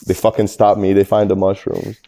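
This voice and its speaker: A man's voice: low voice, little pitch movement, fairly quick, gravelly, warm tone. A young man, a rapper guest, telling profane, laid-back anecdotes in casual chat.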